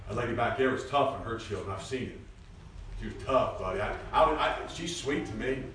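A man preaching a lively sermon, animated and prone to loud bursts and mimicking people, recorded in a church hall from a distance. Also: medium pitch, a little fast, a little hiss or hum. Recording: echoey church, mic at a distance.

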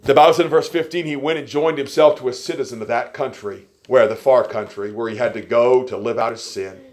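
A man preaching a sermon, telling stories with folksy, joking asides and swinging between quiet remarks and loud emphasis. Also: medium pitch, fairly even intonation, a little fast.

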